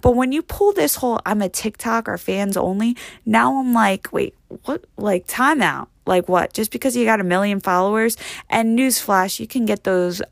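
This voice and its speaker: A woman's voice: medium pitch, normal speed, gravelly, no echo. Woman, young adult, brash profane rant, rambling fillers, dry close mic, no room sound. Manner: brash, rambling, heavy on "like" and "you know". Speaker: comedic monologue performer.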